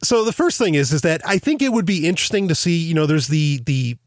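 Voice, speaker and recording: A man's voice: fairly high pitch, lively intonation, quick pace, dry recording, clean studio sound. A man hosting a podcast, musing in casual conversation with lots of fillers and restarts. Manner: rambling, thinking aloud with many fillers and restarts. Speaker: podcast host.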